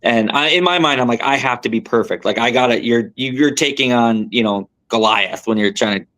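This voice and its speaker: A young man, a tournament angler, telling a story as a podcast guest in a rambling, animated way with many fillers and restarts. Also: mid-range voice, brisk. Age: young adult. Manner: animated, rambling, lots of fillers and self-corrections.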